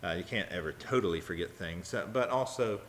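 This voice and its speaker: A man's voice: sits low, slight background noise. A man teaching a Bible study sermon in a conversational way, with frequent fillers and restarts. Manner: halting, many fillers and restarts; acts out quoted lines with a raised, louder voice.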